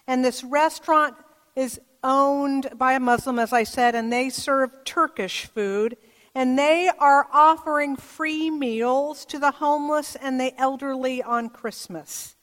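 A woman pastor giving a sermon in a church, telling stories in a gentle, measured way. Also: high-pitched. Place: church sanctuary. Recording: long church reverb.

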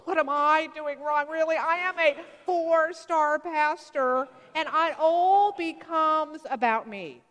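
Slow-speaking woman pastor in an echoing church. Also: sits high, a bit bright. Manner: conversational, self-deprecating asides between scripture readings. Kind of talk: sermon. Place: church sanctuary. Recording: long reverb of a church hall.

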